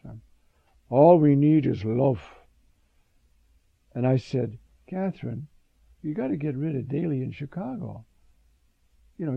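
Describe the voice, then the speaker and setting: A man's voice: medium pitch, vocal fry, slightly rough, no room sound, highs cut off. An older man, a priest preaching a sermon, reflective and storytelling, with sudden emphatic rises.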